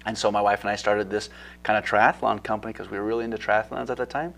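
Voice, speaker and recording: A lower-pitched man with a gravelly edge to his voice, chatting as an interview guest. He talks eagerly and rambles, with lots of fillers and restarts. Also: fairly even intonation, quick pace, fairly bright tone. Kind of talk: casual interview chat.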